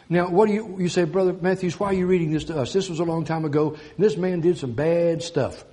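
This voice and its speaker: A man preaching a sermon, declaiming scripture slowly and swinging from loud emphasis to quiet intensity. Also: a little high.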